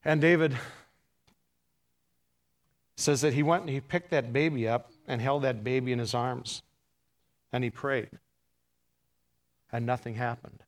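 A man preaching a storytelling sermon, moving from hushed retelling to fervent, raised passages. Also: mid-range voice, steady tone, measured pace, pauses often.

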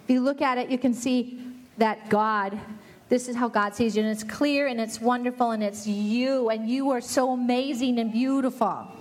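High-voiced middle-aged lady teaching families, earnest, acts out parents and kids. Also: steady tone, moderate pace. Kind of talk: family ministry talk.

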